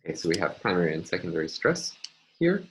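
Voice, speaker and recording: A man's voice: low voice, sing-song, fast talker, a bit bright, slight background noise, low-quality recording. A man giving a recorded linguistics lecture, explaining step by step with frequent ums and uhs as he annotates on screen.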